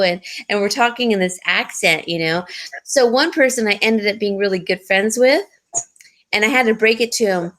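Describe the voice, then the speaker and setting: A woman's voice: medium pitch, moderate pace, fairly bright tone. A woman hosting a live jewelry sale, chatting casually and giggling, rambling with fillers. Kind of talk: casual live-stream sales chat.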